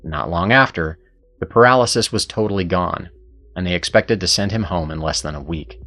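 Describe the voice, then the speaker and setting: A man's voice: low voice, normal speed, sharp tone, soft background music. A man hosting and narrating a scripted story in an earnest, persuasive way. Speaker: host and narrator.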